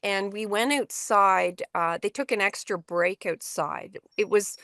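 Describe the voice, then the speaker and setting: A woman's voice: medium pitch, measured pace, a bit bright, no room sound, studio quality. Woman telling a story with frequent restarts. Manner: conversational, with frequent restarts and fillers. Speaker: workshop presenter. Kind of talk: storytelling talk to educators. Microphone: video call.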